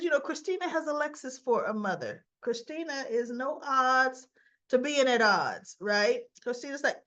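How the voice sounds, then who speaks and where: A woman's voice: sits high, lively intonation, normal speed, a bit bright. A woman casually recapping a soap opera episode, acting out the characters' lines with chatty asides to her viewers. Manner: chatty, retells scenes by voicing the characters' lines.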